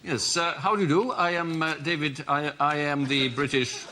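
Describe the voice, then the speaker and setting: A man's voice: a little high, steady tone, normal speed, pushed and bright. A man playing a posh, awkward British prime minister, plummy and flustered. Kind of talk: improvised comedy sketch. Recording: noisy studio with audience laughter.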